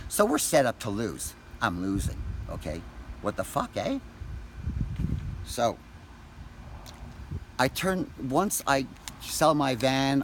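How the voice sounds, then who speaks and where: A man ranting angrily to camera, profane and accusatory, shouting at times. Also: mid-range voice, a little hiss or hum. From Canada. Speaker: vlogger. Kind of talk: angry direct-to-camera rant.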